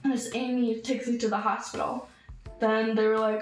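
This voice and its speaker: A young adult woman, interviewed as a survivor, tells the story of her hardships at normal speed in a slightly high voice with little pitch movement. She becomes emotional and voices her own pleading, while faint music and echo fill the room.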